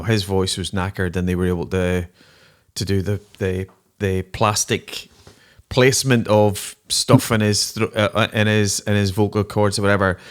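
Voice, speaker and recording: A man co-hosting a rock podcast, joking and laughing loudly in casual chat. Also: sits low. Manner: jokey, animated, laughs loudly. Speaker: podcast co-host.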